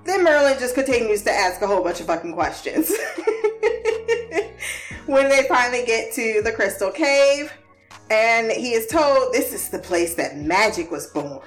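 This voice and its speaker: A woman's voice: a little high, expressive, moderate pace, soft background music. A woman giving a casual TV episode recap, profane, laughing and exasperated.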